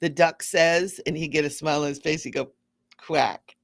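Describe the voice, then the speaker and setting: A woman giving a casual, rambling spiritual talk to viewers, gently repeating words for emphasis. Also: low voice, fairly even intonation, a little fast, dry recording, studio quality. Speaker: spiritual teacher hosting a live stream.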